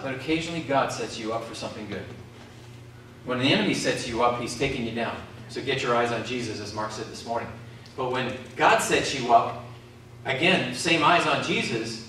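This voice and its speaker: A man's voice: mid-range voice, fairly bright tone, slight background noise. A man preaching a sermon, calling out questions to the congregation. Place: community centre hall. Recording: echoey hall from far off.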